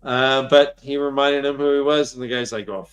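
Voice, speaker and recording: A man's voice: mid-range voice, flat delivery, moderate pace, fairly bright tone, faint music behind. A man hosting a book-club podcast, retelling scenes in a rambling, jokey way. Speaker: podcast host. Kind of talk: casual book-club chat.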